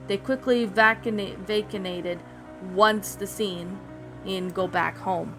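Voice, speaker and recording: A woman reading a fan-written story aloud in a steady, even voice. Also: mid-range voice. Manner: steady, even narration with small slips. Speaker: fan fiction reader. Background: soft background music.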